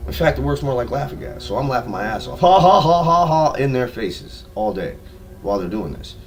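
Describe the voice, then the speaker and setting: A man improvising a rambling, profane story on a live stream, jumping between low mutters and loud outbursts. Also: fairly quick. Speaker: live streamer telling made-up stories. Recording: distant mic with music playing.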